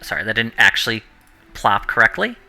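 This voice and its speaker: A man with a very bright, ringing voice runs a tabletop game as dungeon master. His pitch swings widely as he explains the rules and stops to correct himself. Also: sing-song, fairly quick, creaky, faint music behind. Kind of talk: running a tabletop game online.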